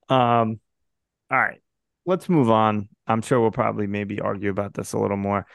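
Mid-pitched gravelly man, dry teasing podcast host, close dry mic. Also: animated, a little slow, no room sound. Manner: dry, teasing one-liners. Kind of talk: casual movie chat.

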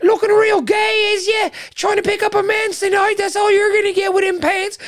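Brief: a blunt old grandmother, shrill and squawking high, ranting at the grandkids. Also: level tone, normal speed. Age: older. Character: foul-mouthed old Newfoundland grandmother, blunt.

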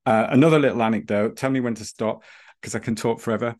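A man's voice: medium pitch, fast talker, darkish tone. Chatty man telling running anecdotes. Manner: storytelling, rambling with restarts. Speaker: breathing and running instructor. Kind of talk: casual podcast chat.

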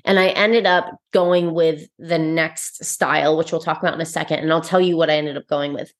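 A woman's voice: low-pitched, fairly even intonation, normal speed. A young adult woman hosting a podcast, talking earnestly and reflectively in a casual solo chat with frequent fillers and restarts. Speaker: host.

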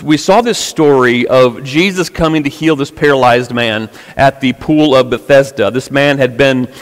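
A man's voice: mid-range voice, moderate pace. A man preaching an informal sermon to a youth group in a casual, conversational way, often repeating words as he goes. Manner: conversational, with many repetitions and fillers. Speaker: pastor. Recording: church hall with long reverb.

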